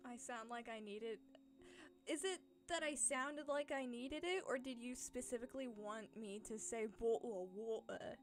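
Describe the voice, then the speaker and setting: A woman's voice: on the high side, soft background music, close to an everyday voice. Woman putting on a posh British accent. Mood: amused. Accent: put-on posh British English. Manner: chatty, self-interrupting, quick to laugh. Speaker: channel host answering chat questions. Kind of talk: casual livestream chat.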